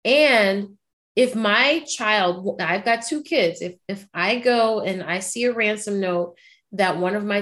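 A woman co-hosts a podcast in casual chat, speaking at an unhurried, deliberate pace. She is emphatic and insistent, hammering her points home by saying them twice. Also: medium pitch, a bit bright. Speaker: podcast co-host.

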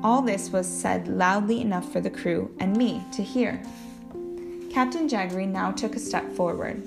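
A woman reading a novel aloud in a plain, measured way, with now and then a slip and a restart. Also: mid-range voice, gravelly. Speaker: audiobook reader. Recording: guitar music playing underneath.

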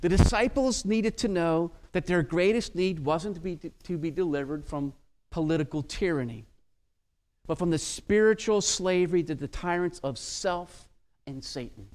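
Emphatic high-voiced male preacher. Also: moderate pace, a little mellow. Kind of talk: expository sermon.

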